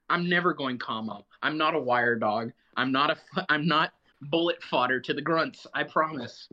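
A man co-hosting a casual veteran chat show, ranting in animated, mock-indignant bursts. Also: a little high, measured pace, lo-fi sound. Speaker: podcast co-host, Marine veteran. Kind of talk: casual banter.

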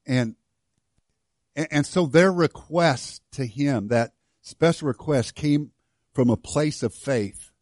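A man preaching a sermon to his church, swinging from hushed, slow lines to loud, fervent ones. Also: fairly high pitch, no echo, clean studio sound. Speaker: pastor.

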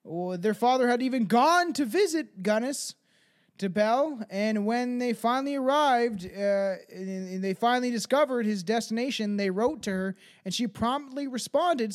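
A podcast host telling a true-crime story casually, swearing and tripping over names. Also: mid-range voice. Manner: swears freely, laughs, trips on names.

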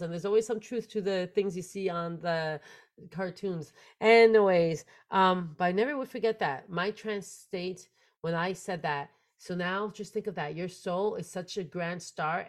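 A young adult woman hosting a spiritual podcast, telling her story in an animated way with big swings in loudness and pace. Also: on the low side. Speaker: podcast host.

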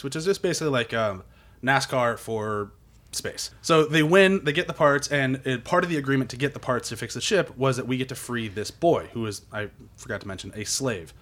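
Fast-talking man in casual chat. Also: medium pitch. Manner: animated retelling, acts out quotes in goofy voices, swears.

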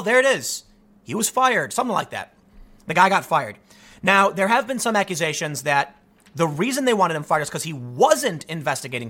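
A man's voice: a little high, fairly bright tone. A man delivering a solo political commentary monologue, reading quotes aloud and breaking in with sarcastic, emphatic asides.

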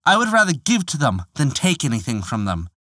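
A bold young master thief talks with easy confidence and a touch of boasting, as a storyteller puts him on. His voice is bright and animated. It sounds close and dry. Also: a little high, brisk, dry recording. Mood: confident.

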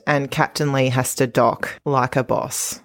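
A woman's voice: very deep voice, steady tone, a little slow. A woman co-hosting a podcast in casual recap chat, chatty and laughing often as she acts out quotes. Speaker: podcast co-host.

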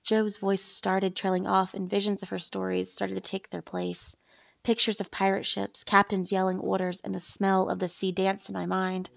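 A woman reads a first-person story aloud in a steady, even storytelling manner. Her voice has a gravelly, creaky texture. The recording is dry and close, with no room sound. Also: medium pitch, normal speed, no echo.

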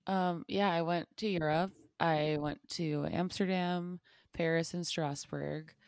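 A woman's voice: fairly low pitch, fairly even intonation, slow, dry recording, clean studio sound. A young woman co-hosting a podcast, chatting casually and rambling with lots of fillers and laughter. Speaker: podcast co-host. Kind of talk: casual chat.

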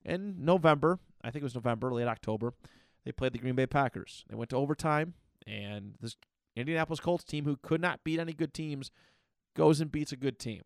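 A man with a gravelly edge to his voice hosts a podcast, talking in a loose, reflective way that keeps circling back and restarting. The sound is dry and close, with no room around it. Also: mid-range voice, fairly quick, no room sound. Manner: rambling, with frequent restarts and fillers; candid and reflective. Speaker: podcast host. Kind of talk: casual personal monologue.

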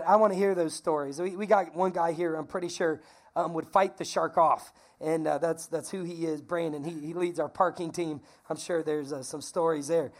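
A woman pastor preaching a lively, conversational sermon, calling on the congregation to repeat phrases. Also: on the low side, fairly quick. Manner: energetic, conversational, calls for congregation responses.

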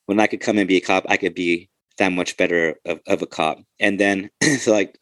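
Casting note: rapid, low-voiced cop, loose and profane, dry close sound. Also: male voice, fairly even intonation, a bit bright, no echo. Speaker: podcast host, police officer. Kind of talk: casual chat.

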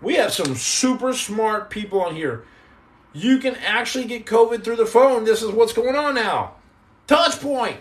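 A man hosting a casual live podcast, joking and teasing viewers in slangy talk that drops into low mutters. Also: lively intonation, measured pace. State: on house arrest. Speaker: podcast host reading live chat. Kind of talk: casual live-stream chat.

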